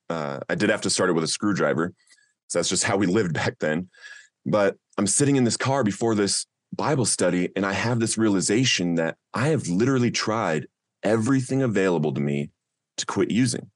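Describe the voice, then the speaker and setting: Man, lowish voice, earnest personal testimony, dry close recording. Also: no room sound. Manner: earnest, emotional storytelling. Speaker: speaker sharing a recovery testimony.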